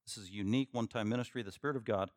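A man preaching a verse-by-verse sermon as pastor, shifting from quiet teaching to loud, emphatic bursts. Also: very fast, no echo, studio quality. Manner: acts out imagined listeners in a higher voice. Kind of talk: expository sermon.

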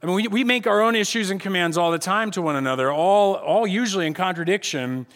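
A male pastor preaching an animated, joking sermon and acting out voices. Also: high voice, quick pace.

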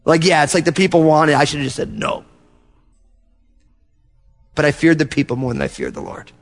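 A man pastor preaching a sermon, telling animated stories and acting out little asides to his congregation. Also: fairly high pitch, normal speed, long reverb tail, soft background music. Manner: animated storytelling with acted-out asides.

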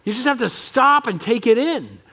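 Animated American pastor, high voice. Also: male voice, moderate pace. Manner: conversational, animated, acts out quoted voices. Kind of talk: sermon. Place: church sanctuary.

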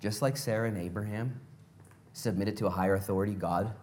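A man preaching a sermon, animated and playful, telling stories in acted voices and asking the congregation direct questions. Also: on the low side, fairly quick. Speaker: pastor.

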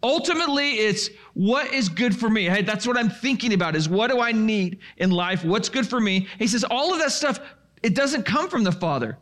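A man's voice: high-pitched, lively intonation, normal speed, a bit bright. A man preaching a sermon, asking the listeners questions and then answering them himself. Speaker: pastor.

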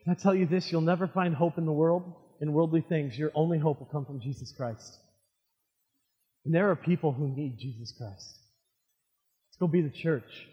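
A male pastor delivering an animated sermon, throwing call-and-response questions to his congregation. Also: on the high side, normal speed, long reverb tail, muffled recording. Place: church sanctuary with congregation.

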